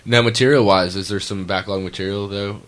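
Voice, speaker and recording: A man asks questions in a relaxed, easygoing manner during a casual talk show. Laughter from others in the room is heard around him. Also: on the low side, brisk, a crowd in the background. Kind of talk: casual chat.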